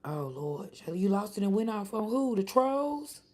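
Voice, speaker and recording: A woman's voice: medium pitch, sing-song, normal speed, a little mellow. A woman chatting casually on her live stream, laughing often and answering her chat.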